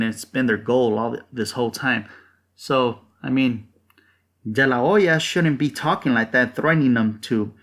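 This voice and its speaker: A man's voice: medium pitch, fairly bright tone. A man hosting a boxing channel, ranting bluntly and profanely in a casual, rambling way full of fillers.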